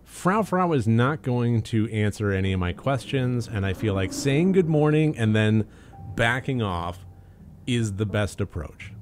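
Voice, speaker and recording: A man's voice: lowish voice, darkish tone, a little hiss or hum. Joking man narrating a story game. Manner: jokey, swears casually, laughs. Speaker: let's play streamer. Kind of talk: reading narration and casual commentary.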